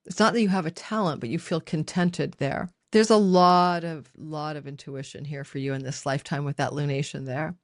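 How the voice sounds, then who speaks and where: A woman's voice: sits low, steady tone, moderate pace, hardly any pauses, no echo, studio quality. A middle-aged woman giving a spoken astrology lesson, talking straight to her viewers with casual asides. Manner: conversational, addresses viewers directly with asides. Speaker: astrology teacher.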